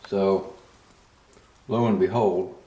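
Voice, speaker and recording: A man's voice: low voice, fairly even intonation, slow pace, dark tone. An older man telling a rambling, folksy personal story as a voice-over, full of asides. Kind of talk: casual spoken story, voice-over. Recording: roomy echo.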